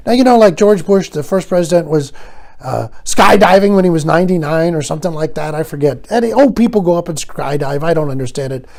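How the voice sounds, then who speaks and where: An older man hosting his own show, telling a rambling, sardonic comic monologue that swings between loud bursts and quiet asides. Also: on the high side, animated, fairly quick, vocal fry. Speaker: host.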